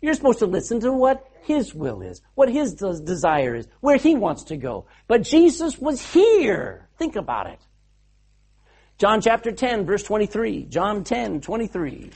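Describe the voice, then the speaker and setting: A preacher delivering a sermon, the voice rising and falling with a very lively, expressive pitch. The delivery is casual and storytelling, with frequent rhetorical questions to the listeners. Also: measured pace, breathy edge. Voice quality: animated storyteller, asks the congregation rhetorical questions.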